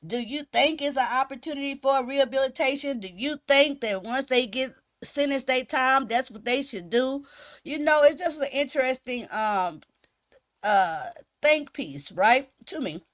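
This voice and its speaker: A woman hosting a casual livestream, chatting with viewers in a giggly, animated way. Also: high voice, moderate pace, no echo. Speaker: livestream host. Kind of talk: casual live-stream chat.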